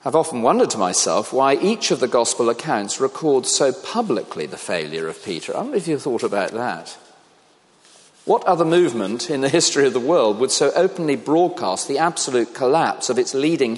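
A man's voice: mid-range voice, sing-song, moderate pace. A man preaching a sermon, reflective, asking the congregation questions. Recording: long reverb of a large hall.

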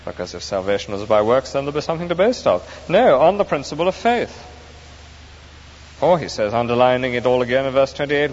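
A man with a mid-range, sing-song voice preaches at a fairly quick clip, delivering an earnest, emphatic sermon that explains scripture to his congregation. The recording sounds dull and echoey, like a hall, with faint hiss.

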